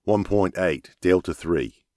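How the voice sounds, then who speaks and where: Guy doing a doubtful joking pilot, mumbly, super low voice, audiobook. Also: takes it slowly, a little mellow, dry recording, studio quality. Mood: uneasy. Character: male pilot, wry and doubtful. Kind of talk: audiobook character voice.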